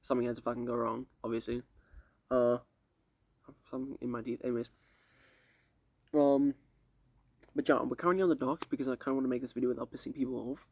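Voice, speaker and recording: A man's voice: mid-range voice, steady tone, fast, pauses often, a little mellow, no room sound. Young guy, casual vlog update, rambling and slangy, dry close sound. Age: young adult. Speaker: vlogger. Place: outdoors on a lake dock at night. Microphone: camera set up a few steps away.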